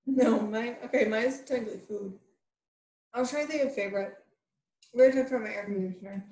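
A woman's voice: on the high side, fast talker, darkish tone. A young woman co-hosting a podcast in casual chat, giggly and rambling, saying "like" a lot. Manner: giggly, rambling, heavy use of "like". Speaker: podcast co-host. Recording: roomy echo.

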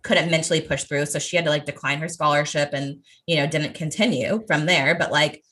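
Bright-voiced woman, casual podcast chat. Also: deep voice, fairly quick. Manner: casual, frequent swearing. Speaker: podcast co-host.

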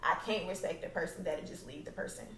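A woman's voice: on the low side, quick pace, a bit bright, distant mic, slight background noise. A young adult woman hosting a podcast, telling a personal story in a blunt, profane and emphatic way at home. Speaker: podcast host. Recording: roomy, away from the mic.

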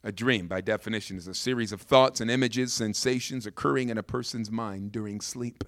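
A male pastor preaching a sermon and telling a story, moving from hushed reflection to loud, shouting excitement. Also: lowish voice, brisk, no echo, studio quality.

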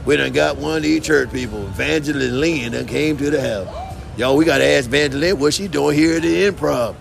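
A man playing a brash, streetwise, defiant man who talks loud, boastful and full of slang in a comedy sketch. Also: on the high side, a little fast, creaky, music in the background. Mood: incredulous.

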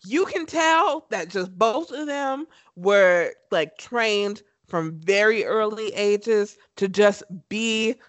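A woman's voice: medium pitch, expressive, slow pace, few pauses, dry recording. A woman co-hosting a podcast in casual chat, enthusiastic and emphatic as she gushes. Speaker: podcast co-host.

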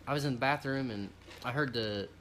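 A young man co-hosting a podcast, telling a rambling story in casual chat with loud laughs and swearing. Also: medium pitch, a little fast, a little hiss or hum. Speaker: podcast co-host.

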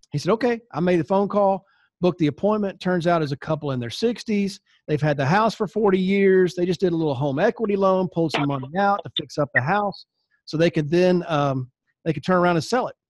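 Middle-aged guy hosting, fun storyteller, acts out the back and forth, slightly higher voice, dry close sound. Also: dry recording. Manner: lively storyteller, acts out dialogue, laughs often. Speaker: host and insurance agency leader. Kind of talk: casual storytelling talk to agents.

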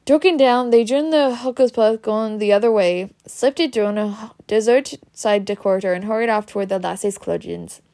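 Lady reading a kids story out loud, steady, bit of vocal fry. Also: mid-range voice, normal speed, hardly any pauses. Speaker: reader.

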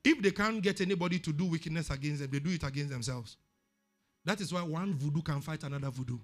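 A man's voice: fairly high pitch, quick pace, soft background music. A man with a Ghanaian accent preaching a sermon, emphatic and repeating words for stress. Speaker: pastor.

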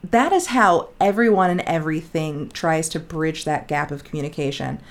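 A woman's voice: low voice, normal speed. A woman co-hosting a podcast in casual chat, talking in a rambling, chatty way and often saying "like". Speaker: podcast co-host.

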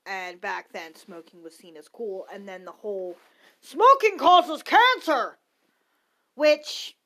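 With a mid-range, slightly bright voice, a podcast host in her thirties delivers a casual, blunt opinion rant. She curses freely and keeps drifting into asides.

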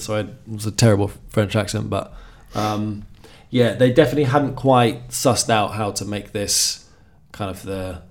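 A man's voice: on the low side, fairly even intonation, moderate pace, hardly any pauses. A man talking as a guest on a casual podcast, given to dry, wry asides. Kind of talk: casual chat.

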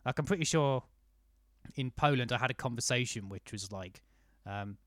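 A man's voice: mid-range voice, normal speed, a bit bright, no echo, studio quality. A man in casual chat, telling rambling anecdotes full of fillers and restarts.

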